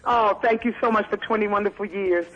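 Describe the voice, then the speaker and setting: A woman's voice: medium pitch, a little fast, lo-fi sound, faint music behind. Chatty, laughing middle-aged woman singer. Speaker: gospel singer, interview guest. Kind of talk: casual radio interview.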